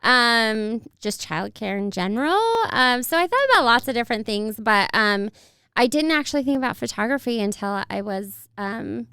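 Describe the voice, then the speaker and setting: A woman's voice: on the high side, normal speed, pushed and bright, smooth, dry recording, studio quality. A young woman, a family photographer, chatting in an interview, fond and laughing often as she talks about children. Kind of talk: casual interview chat.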